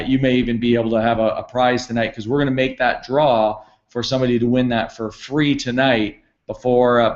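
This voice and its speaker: A man's voice: medium pitch, muffled recording. A middle-aged man hosting a company conference call, speaking in an upbeat, promotional way with frequent fillers. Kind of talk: enthusiastic sales kickoff call. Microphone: conference call line.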